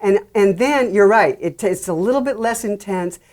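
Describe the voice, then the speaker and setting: A woman guest in an interview, explaining song structure in an animated way and acting out her examples with repeated words. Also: mid-range voice, moderate pace. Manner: animated, acts out examples with repetition. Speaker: songwriting expert guest.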